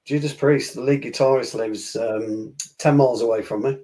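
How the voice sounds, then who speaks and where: A man's voice: mid-range voice, steady tone, normal speed, mellow. Enthusiastic man chatting. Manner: enthusiastic, laughs often. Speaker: podcast co-host. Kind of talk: casual chat.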